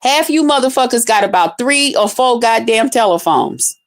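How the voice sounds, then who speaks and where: A woman's voice: a little high, expressive, moderate pace. A woman hosting a livestream, ranting bluntly and profanely at her chat in a casual, fired-up way. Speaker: livestream host.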